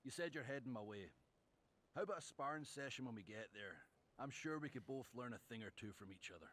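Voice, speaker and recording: A man's voice: mid-range voice, expressive, fast, a bit bright. An actor voicing a friendly male wrestler in a video game, easygoing and matey as he offers a sparring match.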